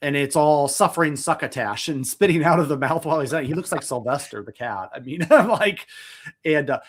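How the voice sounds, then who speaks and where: A man's voice: a little high, expressive, fairly quick. A man co-hosting a wrestling podcast in casual chat, rambling and restarting his sentences, chuckling as he goes. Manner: rambling, self-interrupting, chuckles. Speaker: podcast co-host.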